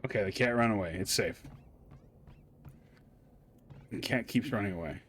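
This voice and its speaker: A man's voice: fairly low pitch, moderate pace, a bit bright, a little hiss or hum. A man casually playing a video game on stream, reading the game text aloud with playful asides. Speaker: let's play host. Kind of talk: casual gameplay commentary.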